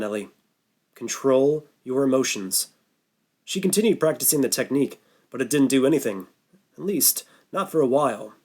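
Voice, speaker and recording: A man narrating a horror novel audiobook in a steady, measured voice. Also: medium pitch. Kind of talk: scripted narration.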